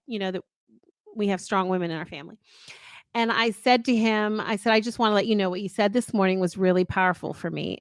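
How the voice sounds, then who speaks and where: A woman's voice: mid-range voice, no echo. Earnest woman telling a long story. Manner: earnest, rambling, with many restarts. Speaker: podcast co-host. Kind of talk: casual storytelling chat.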